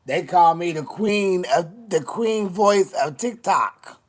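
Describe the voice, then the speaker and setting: A man's voice: high voice, expressive, slow pace, slight background noise. A man chatting casually on a livestream, sassy and blunt, swearing a lot as he answers comments.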